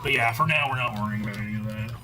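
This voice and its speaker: A man's voice: on the low side, rapid-fire, music in the background, rough recording. A man co-hosting a game stream, telling stories in a rambling casual way with lots of fillers and restarts. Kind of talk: casual chat.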